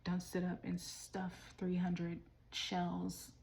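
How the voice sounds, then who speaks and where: Breathless creaky-voiced woman reading tarot. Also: on the low side, completely flat delivery, slow, darkish tone. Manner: rambling, restarts and trails off mid-thought. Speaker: tarot reader.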